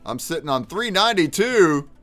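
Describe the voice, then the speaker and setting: A man's voice: a little high, very animated, moderate pace, bright, forceful tone, soft background music. A man hosting a livestream in casual chat, hyped and calling out viewers by name. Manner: hyped, calls out chatters by name. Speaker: livestream host.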